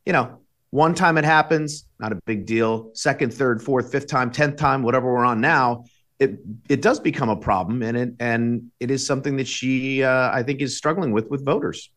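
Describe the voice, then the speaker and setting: Middle-aged guy, talk show guest, average pitch, halting and thoughtful, lots of restarts. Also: fairly bright tone. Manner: measured, with many restarts and fillers. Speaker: guest commentator. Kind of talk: casual political commentary.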